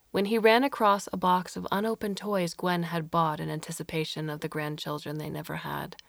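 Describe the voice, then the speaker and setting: A woman's voice: low voice, vocal fry, no echo, studio quality. A woman narrating a story in audiobook style, reading expressively and shifting into voices for the characters.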